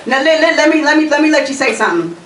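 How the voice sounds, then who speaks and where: A woman's voice: high-pitched, lively intonation, racing. A woman giving an emphatic religious lecture and answering questions, laughing often. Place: mosque hall. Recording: echoey room from far off, noisy.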